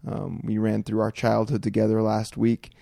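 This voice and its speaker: Gravelly, mellow-voiced man hosting a podcast. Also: on the low side, moderate pace, dry recording, studio quality. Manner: relaxed, loose, swears freely. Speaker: podcast host. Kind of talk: casual conversation with a friend.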